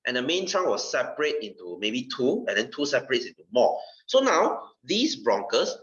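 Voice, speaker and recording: Chatty tutor with a Singaporean accent. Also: male voice, mid-range voice, very animated, moderate pace, a bit bright. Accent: Singaporean English. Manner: chatty, repeats "okay" constantly. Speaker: science tutor. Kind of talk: classroom lesson. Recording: dull, slightly distant classroom mic.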